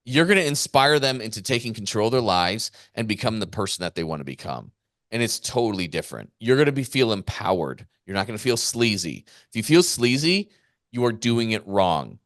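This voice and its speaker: A man's voice: fairly low pitch, very animated, fairly quick, fairly bright tone, dry recording, clean studio sound. A man co-hosting a podcast as a business coach, talking in a fired-up, emphatic way and repeating his points for weight. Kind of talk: casual podcast chat.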